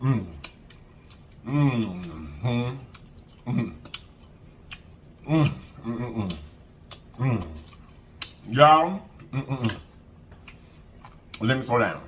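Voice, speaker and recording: A man's voice: medium pitch, extremely slow, long pauses, slight background noise. A man hosting an eating show, chatting casually to viewers and humming as he eats. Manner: animated, sing-song hype, lots of humming while eating. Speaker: mukbang host.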